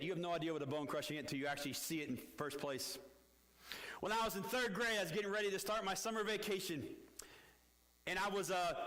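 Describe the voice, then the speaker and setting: A middle-aged man preaching as pastor, telling a story with sudden loud outbursts and quiet low asides. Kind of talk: storytelling sermon. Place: church. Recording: echoey church hall.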